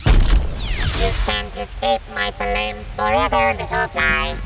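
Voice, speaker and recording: A woman voicing a gloating monster villain whose broken voice box makes him sound like a squeaky little robot. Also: wildly swooping pitch, very slow, gravelly, heavily acted. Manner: gloating, menacing, cackling. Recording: distant mic with music behind.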